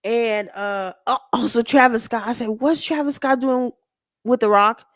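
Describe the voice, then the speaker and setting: Slow-talking American woman, rambling recap. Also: fairly high pitch, dry recording, studio quality. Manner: rambling, self-correcting, animated. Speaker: show host. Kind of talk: casual wrestling recap.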